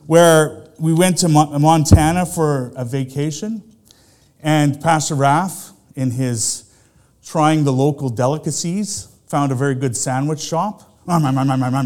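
A middle-aged pastor with a fairly high, somewhat dark-toned voice preaches a sermon conversationally, filling it with rhetorical questions aimed at his congregation.

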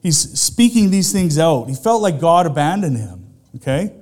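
A man's voice: a little high, sing-song, moderate pace, a little mellow. A middle-aged man, a pastor, preaching a sermon in a conversational way, full of rhetorical questions to the congregation.

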